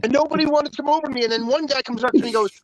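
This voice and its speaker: A man's voice: extremely high pitch, very fast, crowd noise, poor audio. A man hosting a casual chat, telling anecdotes defiantly and acting out what others said. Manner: defiant, tells anecdotes with quoted dialogue.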